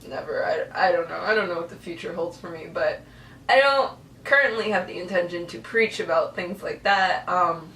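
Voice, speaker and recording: A woman's voice: fairly low pitch, normal speed, sharp tone, distant mic, slight background noise. A young woman telling a personal story to camera, earnest and emotional. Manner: earnest, emotional, tearful at times. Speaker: vlogger. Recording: echoey room, voice a bit off-mic.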